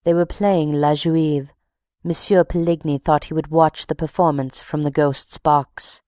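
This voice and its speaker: A woman's voice: deep voice, steady tone, unhurried, mellow, dry recording, clean studio sound. A woman voicing an indignant, talkative middle-aged box-keeper who tells her story haughtily. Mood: solemn.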